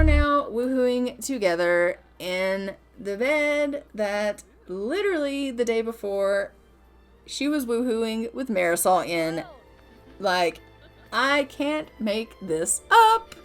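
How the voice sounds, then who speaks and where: A woman narrating a life-sim game in a casual, gossipy commentary style. She is excitable and exclaims freely, and her voice sits fairly high. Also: slow pace, faint music behind. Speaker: let's-play narrator.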